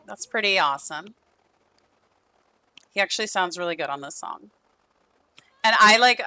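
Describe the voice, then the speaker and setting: Young woman streamer, chatty and sweet, bright voice, voice a bit worn out. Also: on the low side, dry recording. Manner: chatty, affectionate, talks to game characters and chat. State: losing her voice. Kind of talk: casual gameplay stream chat.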